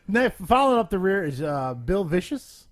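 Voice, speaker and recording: A man hosts a casual podcast and reads through a list of picks between quick asides. His voice is a touch high, and his pitch swings widely from line to line. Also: big pitch swings. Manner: runs the segment, reading picks off a list. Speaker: podcast host. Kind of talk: casual chat.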